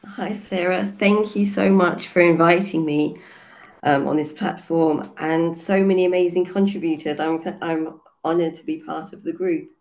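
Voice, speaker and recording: A woman with a cold and a hoarse voice, a children's yoga teacher explaining her book chapter in an earnest way, with many fillers. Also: fairly low pitch, fairly even intonation, normal speed. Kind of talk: casual online panel talk.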